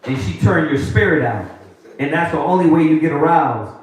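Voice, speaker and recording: A man preaching to a group, animated and mocking the voices of others. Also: fairly high pitch, moderate pace. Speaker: street preacher. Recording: echoey room from far off.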